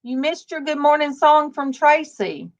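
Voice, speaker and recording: A woman hosting a casual faith-based livestream, telling stories slowly with many fillers over a video call. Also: sits high, expressive. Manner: rambling, warm storytelling with many fillers. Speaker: livestream host. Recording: dull lo-fi stream audio.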